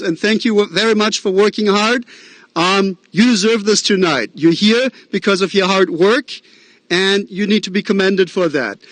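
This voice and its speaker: A man's voice: high voice, fairly bright tone, no room sound. A man, a school principal with a Midwestern American accent, giving an earnest, encouraging graduation welcoming address with fillers and self-deprecating asides. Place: outdoor drive-in graduation ceremony.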